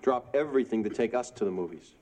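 Actor as an earnest sitcom dad, mellow tone, mid pitch, faint hiss. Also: male voice, expressive, quick pace, close to an everyday voice. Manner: earnest, lesson-giving. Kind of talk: sitcom acting.

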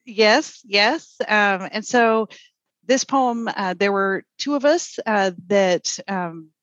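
A woman poet on a radio show, chatting with many fillers and then reading a poem in a smooth, deadpan way. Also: medium pitch, slow pace, no echo, dull audio. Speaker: poet, festival guest. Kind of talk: casual radio chat and poetry reading.

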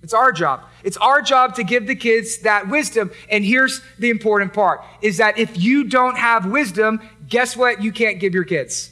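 High, bright-voiced preaching man. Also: normal speed, hardly any pauses. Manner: emphatic, repetitive preaching with rhetorical questions. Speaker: pastor. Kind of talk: sermon.

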